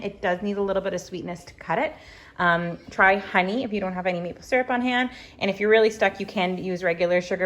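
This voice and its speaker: A woman's voice: medium pitch, a bit bright, a little hiss or hum. A woman chatting casually through a homemade recipe demonstration in her farm kitchen, with joking asides and lots of ums. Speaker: home cooking vlogger. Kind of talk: casual home cooking demo.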